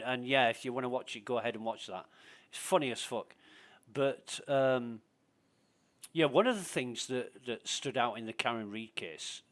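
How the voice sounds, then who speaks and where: A man's voice: medium pitch, fairly bright tone. A man streaming a game and chatting casually with a friend, telling long stories with plenty of swearing. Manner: rambling storyteller, swears freely. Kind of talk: casual voice chat while gaming.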